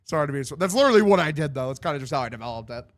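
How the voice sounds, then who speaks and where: A young man with a fairly high, animated voice talks rapid-fire as he livestreams loose, joking play-by-play of a baseball game. He swears freely throughout this casual commentary.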